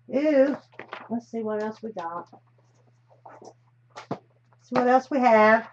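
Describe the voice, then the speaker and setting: A chatty American woman crafts on a live stream, speaking slowly with long pauses in a slightly high voice. She rambles and regularly drops sentences midway for fresh ones, while the recording sounds a bit dull with faint background hiss.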